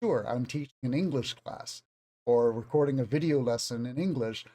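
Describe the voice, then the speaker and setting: Male English teacher, Southern US accent, mid pitch, loose conversational lesson that wanders a bit. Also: moderate pace, mellow. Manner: rambling, conversational, self-aware. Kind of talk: unscripted video lesson.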